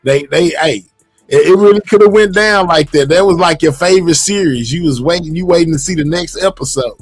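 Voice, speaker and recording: A man hosts a livestream with easygoing, slangy chatter, his voice sitting a little high. The sound is close and dry, with no room echo around it. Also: fairly quick, slightly rough, soft background music. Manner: laid-back, slangy, chatty. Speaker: livestream host. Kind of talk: casual chat.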